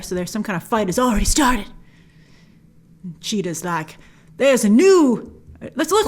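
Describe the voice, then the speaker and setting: A woman's voice: fairly high pitch, fairly bright tone. A woman hosting a movie trailer breakdown, talking with wry, joking asides. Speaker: movie trailer reviewer host.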